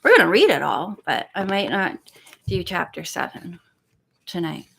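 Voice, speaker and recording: A woman's voice: fairly low pitch, sing-song, normal speed, creaky, fairly bright tone, slight background noise. A woman hosting a casual live stream, chatting in a rambling way and counting pages aloud. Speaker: live-stream host reading a book.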